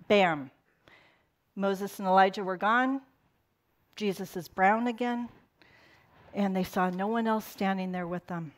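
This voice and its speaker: A middle-aged woman preaching a sermon to a congregation. She talks in a loose, conversational way, with playful asides and bits of laughter. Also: medium pitch. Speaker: pastor.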